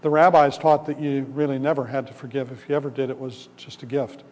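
A man's voice: mid-range voice, little pitch movement, fast talker, a little mellow, slight background noise. A male pastor giving a sermon in a conversational storytelling way, acting out the voices in a parable. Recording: long hall reverb.

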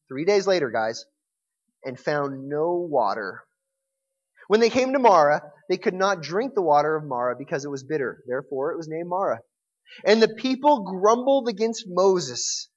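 A man in his forties preaching a sermon, telling stories in an animated way and often restarting his words. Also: sits high, highs cut off. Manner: animated storytelling with repeated restarts. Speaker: pastor.

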